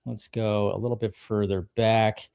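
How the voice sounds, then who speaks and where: A man's voice: lowish voice, flat delivery, measured pace, vocal fry, darkish tone, clean tone. A man co-hosting a casual chat, recapping a cartoon episode, laughing often and acting out the characters' lines. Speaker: podcast co-host.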